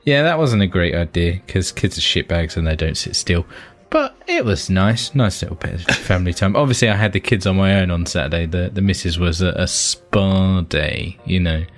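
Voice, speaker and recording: British male co-host, low-pitched, easygoing and sweary, casual podcast chat. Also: animated, normal speed, faint music behind. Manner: laid-back, swears freely.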